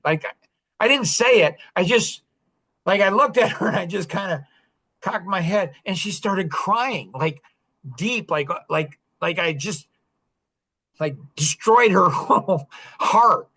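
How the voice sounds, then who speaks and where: A man's voice: high voice, lively intonation, a little slow, pushed and bright. Middle-aged man, podcast storyteller, rambling and full of fillers. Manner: rambling, repeats words, many fillers. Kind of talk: animated personal storytelling.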